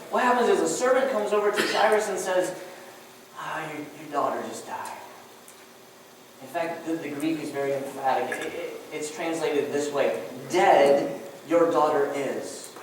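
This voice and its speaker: A woman preacher giving a sermon, telling the story in an animated way with many restarts. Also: mid-range voice, fairly quick, hardly any pauses, slight background noise. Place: church sanctuary. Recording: echoey church hall, mic far off.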